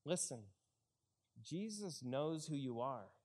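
A man's voice: a little high, expressive, takes it slowly, darkish tone. Conversational male pastor preaching. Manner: conversational, acts out the Bible characters' lines. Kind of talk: sermon.

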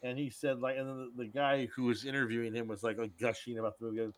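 A man's voice: medium pitch, flat delivery, fast talker. A man co-hosting a podcast, rambling crudely about a film and retelling its scenes. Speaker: podcast co-host. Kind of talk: casual film chat.

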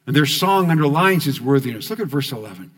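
Man preaching a sermon in a reverberant church hall, earnest, medium pitch, drops soft for emphasis. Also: animated, quick pace.

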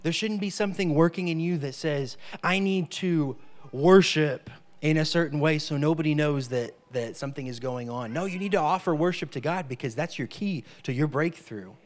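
A man's voice: on the high side, normal speed. A man preaching a sermon, emphatic, repeating key phrases and dropping in frequent amens.

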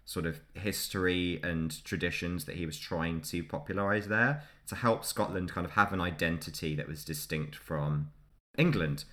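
A man with a deep, pushed and bright voice hosts a podcast about history. He covers it in a loose, chatty way, laughing often between facts.

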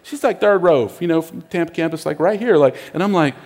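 A man preaching a sermon, telling a story with animated delivery and acting out the voices in it. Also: fairly high pitch, fairly quick, noisy background. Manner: animated, acts out voices in his stories. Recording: long hall reverb.

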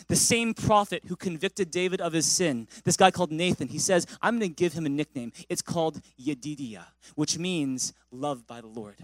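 A man pastor preaching a sermon, telling a story in an animated way with frequent restarts. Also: high-pitched, dry recording.

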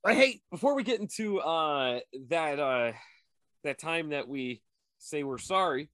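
A man with a fairly high, expressive, slightly bright voice speaks unhurriedly while co-hosting a podcast over a video call. His casual chat is rambling and crude, and he stumbles over names. The sound is studio quality with no room sound.

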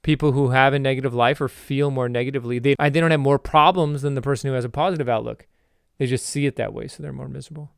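A man's voice: medium pitch, fairly even intonation, fast talker, gravelly, clear, resonant tone, no echo, clean studio sound. A man hosting a motivational podcast monologue, rambling, correcting himself and cracking jokey asides. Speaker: podcast host.

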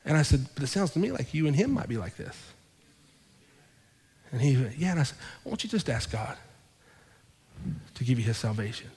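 Animated pastor preaching in a reverberant hall. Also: male voice, mid-range voice, a little fast, pauses often, slightly rough. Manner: animated, acts out both sides of conversations. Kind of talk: storytelling sermon. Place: church sanctuary.

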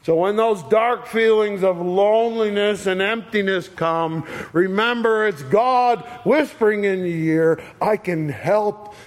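A man preaching a sermon, slow and deliberate, with long pauses between short phrases. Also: sits high.

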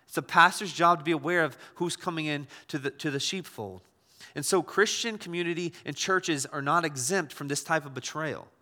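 A man's voice: a little high, normal speed, pushed and bright, long reverb tail. A man preaching a sermon as a pastor, talking conversationally with frequent restarts and repeated words.

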